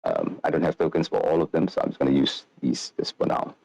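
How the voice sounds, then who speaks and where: Low-voiced male game master, rambling narration, dry sound. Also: big pitch swings, fast talker, creaky, darkish tone, dry recording, highs cut off. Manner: rambling, filler-heavy description.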